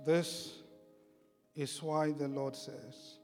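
Male preacher, slightly high voice, hushed-to-shouting delivery, long hall reverb. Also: a little slow. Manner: swings from hushed to shouting, repeats phrases. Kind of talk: sermon. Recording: long reverb in a large hall, music behind.

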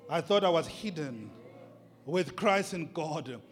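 A man preaching a sermon, swinging from hushed, repeated lines to loud, urgent declarations. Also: a little high, animated, takes it slowly. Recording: long reverb in a large hall, music behind.

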